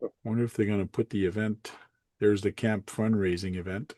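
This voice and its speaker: A man with a fairly low voice hosts a relaxed hobby chat show. He rambles comfortably and corrects himself mid-sentence. The sound is dry and close. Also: brisk, dry recording. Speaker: host. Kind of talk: casual livestream chat.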